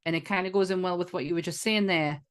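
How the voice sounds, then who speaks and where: A woman's voice: lowish voice, fast, clean tone. A woman with a Northern English accent, co-hosting a casual podcast chat, chatty and laughing often. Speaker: podcast co-host.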